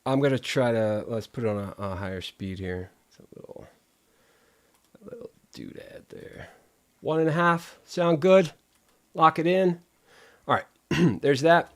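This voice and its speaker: A man's voice: on the low side, creaky. A man hosting a live stream, rambling casually with lots of restarts and playful alliteration. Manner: rambling, wordplay-loving, self-interrupting.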